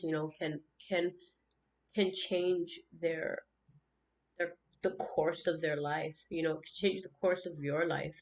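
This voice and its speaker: Earnest woman with a lower voice, dull recording. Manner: earnest, repeats words and restarts, tearful at times. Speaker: spiritual tarot channel host. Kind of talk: emotional unscripted monologue.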